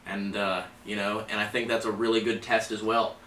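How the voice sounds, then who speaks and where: A man investigating a haunted object in his own old house, speaking emphatically with halting restarts. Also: lowish voice, level tone, pushed and bright. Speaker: paranormal investigator. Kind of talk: live investigation chat. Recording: roomy, distant, faint background noise.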